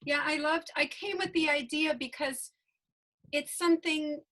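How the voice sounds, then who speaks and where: A woman hosting a casual interview over a video call, chatty and effusive and quick to laugh. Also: sits high, fairly even intonation, fairly bright tone, poor audio. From New York. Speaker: host.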